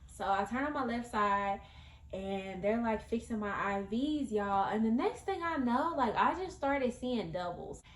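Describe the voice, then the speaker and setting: A woman's voice: a little high, animated, measured pace, echoey room. A woman telling a story in a casual vlog, chatty and rambling, talking straight to her viewers. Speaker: vlogger.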